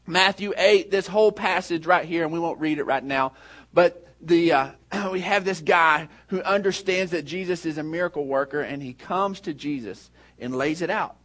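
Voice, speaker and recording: A man's voice: a little high, normal speed. A man preaches to his congregation. He tells stories, drawing some lines down almost to a murmur before raising his voice again. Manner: storytelling, swings from hushed to raised. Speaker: pastor. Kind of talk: sermon.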